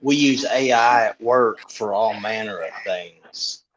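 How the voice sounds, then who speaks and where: Low bright-toned man. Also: slow pace, low-quality recording. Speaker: podcast co-host. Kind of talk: casual podcast banter.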